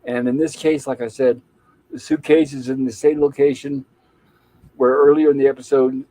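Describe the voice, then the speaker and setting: Man, podcast co-host, casual episode retelling, mellow dark voice, dry close sound. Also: mid-range voice, flat delivery, moderate pace, dry recording, rough recording. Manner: retells scenes at length, quoting lines in plain voice.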